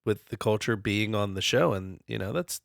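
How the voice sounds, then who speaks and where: A man's voice: lowish voice, normal speed, creaky, fairly bright tone, dry recording, clean studio sound. Profane, easygoing man in his forties. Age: 40s. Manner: loose, profane storytelling. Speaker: podcast co-host. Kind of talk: casual chat.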